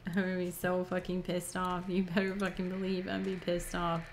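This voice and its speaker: A woman's voice: on the low side, monotone, a little fast, background noise. A woman commenting casually on a story game as she plays, blunt and swearing freely, and talking to her pet in between. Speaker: let's play gamer.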